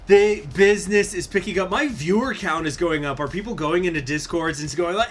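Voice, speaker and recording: Excitable streamer guy, slightly high voice. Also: quick pace, few pauses, faint music behind. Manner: chatty, reads game text aloud, bursts into loud swearing surprise. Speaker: gaming streamer. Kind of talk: live-stream commentary of a strategy game.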